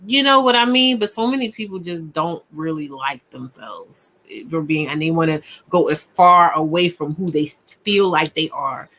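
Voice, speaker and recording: A woman co-hosting a casual chat, talking emphatically and repeating her points with punch, dropping low and then bursting out loud and high. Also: normal speed, hardly any pauses. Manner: emphatic and ranting, with punchy repetition. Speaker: podcast co-host.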